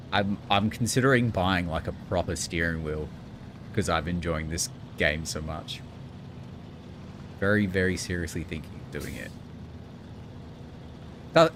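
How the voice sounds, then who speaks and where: Deep-voiced joking man streaming. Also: a little hiss or hum. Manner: joking, rambling. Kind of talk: casual gaming commentary.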